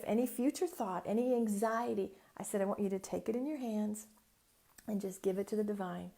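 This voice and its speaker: Animated woman telling a story. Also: medium pitch, moderate pace, vocal fry. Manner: chatty and animated, acts out voices in quotes. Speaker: business mentor and podcast host. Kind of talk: casual solo podcast storytelling.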